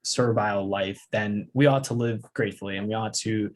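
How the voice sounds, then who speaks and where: A young man hosting a podcast interview, chatty and relaxed, laughing often. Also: lowish voice, normal speed. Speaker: podcast host. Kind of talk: casual interview chat.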